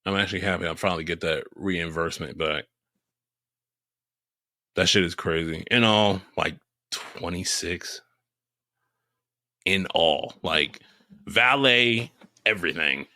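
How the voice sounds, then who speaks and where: Male co-host, relaxed and profane, bright tone, low-ish pitch. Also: measured pace, long pauses, dry recording, clean studio sound. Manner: laid-back, swears freely, laughs often. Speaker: podcast co-host. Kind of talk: casual chat.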